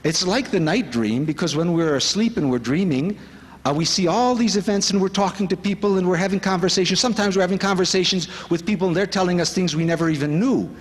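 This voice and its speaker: A man's voice: sits high, fast. A man giving an inspirational spiritual talk at a retreat, fervent and exclamatory, full of rhetorical questions. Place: large conference hall. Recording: long hall reverb.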